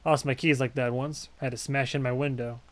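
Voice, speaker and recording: A man's voice: mid-range voice, steady tone, a little fast, pitched below the performer's own voice, natural voice. A man voicing a laid-back, friendly young male raccoon detective in a game. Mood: easygoing.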